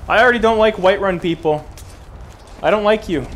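Goofy high-voiced young gamer. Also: male voice, fairly quick, long pauses, fairly bright tone, soft background music. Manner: goofy, playful, swears casually. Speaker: gaming video creator. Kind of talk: playing a VR game on camera, joking commentary.

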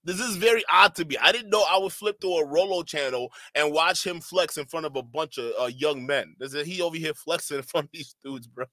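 Man, streamer, reaction commentary, high pitch, slangy, laughing constantly, dry close mic. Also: brisk, hardly any pauses, pushed and bright, no room sound.

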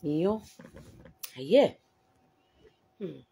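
A woman's voice: low-pitched, unhurried, pauses often, a little mellow, slight background noise. A woman with a Nigerian Pidgin English accent talking on a live stream, aggrieved and defensive as she replies to viewers. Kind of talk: emotional live-stream talk.

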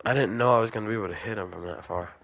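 A young man giving casual let's play commentary, chatting to the game's characters and breaking into excited shouts. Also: lowish voice, very fast, creaky, a little hiss or hum. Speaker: gamer.

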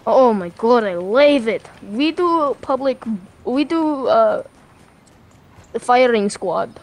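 High, playful woman in game chat. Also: expressive, slow. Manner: playful, teasing. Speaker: player in online voice chat.

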